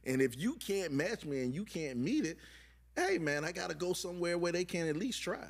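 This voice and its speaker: A man analyzing a football play on a live stream, animated and repeating himself as he explains. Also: high-pitched, a little fast, vocal fry. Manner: animated, repeats phrases while breaking down plays. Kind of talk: casual play breakdown.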